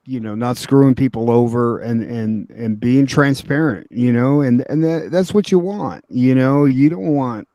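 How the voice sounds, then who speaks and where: A man's voice: medium pitch, unhurried, few pauses, dry recording, muffled recording. Laid-back podcast host guy, lots of you know and like, dry audio. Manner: relaxed, filler-heavy talk. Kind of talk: casual chat.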